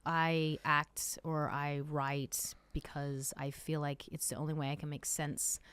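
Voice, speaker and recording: Animated woman with a mixed Australian-American accent. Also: sits low, unhurried, clean tone. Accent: Australian with American mix. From South Africa. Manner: animated, laughing asides, swears casually. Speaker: podcast host. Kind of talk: casual interview chat.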